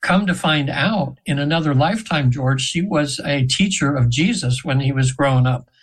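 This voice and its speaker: Earnest older man, slightly high voice. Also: moderate pace, rough recording. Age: 70s. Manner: rambling, earnest, with frequent restarts and throat clearing. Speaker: radio show guest, trance session practitioner. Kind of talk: casual storytelling in a radio interview.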